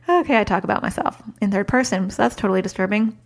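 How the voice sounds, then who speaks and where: A woman's voice: medium pitch, sing-song, brisk, gravelly. Chatty self-mocking woman podcast host. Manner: chatty and self-mocking, mixes advice with home stories. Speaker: podcast host and parenting coach. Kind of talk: casual podcast talk. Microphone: studio mic.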